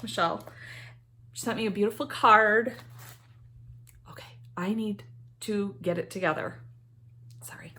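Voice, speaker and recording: A woman's voice: on the high side, a bit bright. A middle-aged woman chatting casually to camera about her cross stitch hobby, rambling with many ums and asides.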